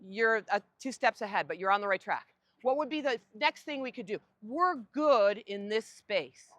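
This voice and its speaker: A woman coaching a group on an outdoor tennis court, giving lively directions and asking the group questions. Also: medium pitch, normal speed, no echo.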